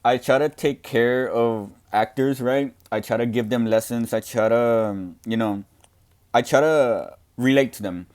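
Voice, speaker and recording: A young deaf man speaking loudly and earnestly in a casual question-and-answer talk, with frequent restarts. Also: medium pitch, unhurried. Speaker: student podcaster answering questions.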